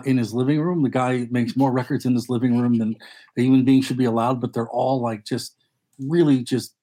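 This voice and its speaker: A man's voice: mid-range voice, warm tone. A man who is a DJ and journalist, chatting casually about records with lots of ums. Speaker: DJ and journalist, podcast co-host. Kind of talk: casual chat.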